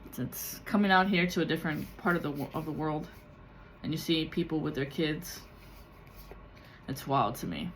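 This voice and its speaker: In a candid, emotional vlog, a female tarot reader and spiritual creator opens up confessionally, cursing freely and mimicking the people she quotes. She has a low voice with lively intonation and speaks at normal speed.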